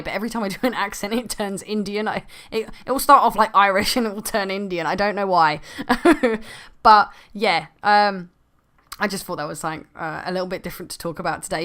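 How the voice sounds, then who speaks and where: A young woman talking casually to camera as a gaming vlogger, chatty and often laughing, her voice sometimes dropping to quiet asides. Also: medium pitch.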